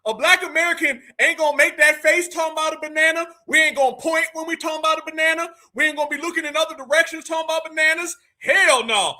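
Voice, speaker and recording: A man hosting a live show, reacting to clips with loud exclamations and mocking asides to his viewers. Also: extremely high pitch. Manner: exclaiming, mocking, laughing, addresses viewers as fam. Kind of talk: animated live reaction commentary.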